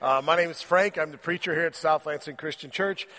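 Man, pastor, has a cold, chatty jokey sermon, highish voice, long church reverb. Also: a little fast, pushed and bright. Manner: joking, conversational preaching. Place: church sanctuary.

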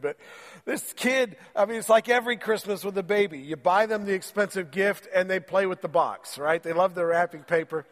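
A man's voice: high voice, a bit bright, long reverb tail. A man preaching a sermon in church while fighting a cold, in a joking, conversational way. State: has a cold, voice lowered. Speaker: pastor. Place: church sanctuary.

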